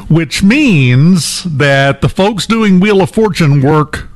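A man with a fairly high-pitched voice hosts a morning talk show. He tells a long personal story in a relaxed, chatty way, full of small fillers and restarts. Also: takes it slowly. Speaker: radio show host. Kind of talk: casual anecdote telling.

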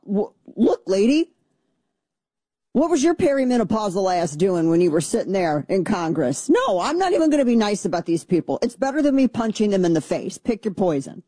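A woman's voice: mid-range voice, big pitch swings, brisk, warm tone, no echo. Blunt, combative woman radio host. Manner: blunt, combative, sarcastic, mocking mimicry of opponents. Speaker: radio talk show host. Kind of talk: opinionated political talk radio.

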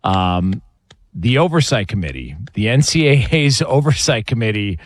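A man's voice: lowish voice, sing-song, normal speed, no room sound. A man co-hosting a sports radio show, bantering loosely and joking around with his partner. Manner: joking, loose, reads ad copy with punch. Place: radio studio. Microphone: studio microphone.

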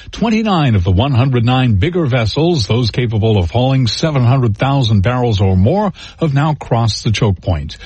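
Raspy-voiced male news correspondent. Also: mid-range voice, no room sound. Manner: lively, emphatic reporting cadence. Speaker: radio correspondent. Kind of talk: news report.

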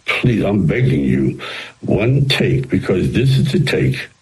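A man with a very deep, low voice tells long stories from his film work. His manner is animated and rambling, full of restarts and asides, like a guest settled into an interview. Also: slow, poor audio. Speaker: actor and screenwriter guest. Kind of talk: storytelling in a radio interview.

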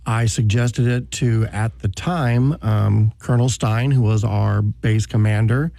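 Mellow middle-aged man, polite radio guest. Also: lowish voice, fairly even intonation, unhurried, creaky, dry recording, clean studio sound. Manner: polite, plain-spoken, answers with "yes, sir". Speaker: guest, volunteer group founder, Air Force veteran. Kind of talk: radio interview.

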